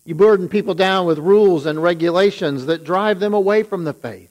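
A man's voice: sits high, a little fast, darkish tone, poor audio. A man who is a pastor, preaching a sermon and retelling scripture with rising emphasis on its warnings.

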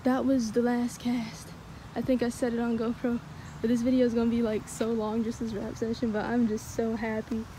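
A tired woman with a cracking voice, rambling excitedly in a casual outdoor fishing vlog by a pond, recorded on a handheld camera. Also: fairly high pitch, moderate pace, hardly any pauses, noisy background. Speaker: fishing vlogger. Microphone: handheld phone or action camera.

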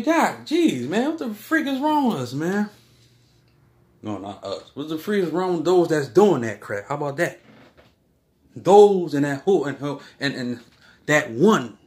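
A man, speaking a little higher than most men. His voice rings around an echoey room. He rants in a repetitive, worked-up way. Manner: heated, repetitive, keeps saying "man" and "bull crap". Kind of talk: rambling spiritual monologue.

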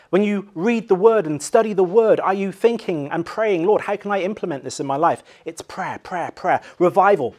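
A male pastor with an English accent preaching a sermon, swinging from loud acted cries to quiet, low emphasis.

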